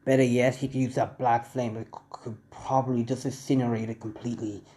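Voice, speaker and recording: A man voicing a gruff, frustrated adult male fire hero in a fan-made audio story, speaking in a low muttering way. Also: flat delivery, brisk, mellow, lightly acted.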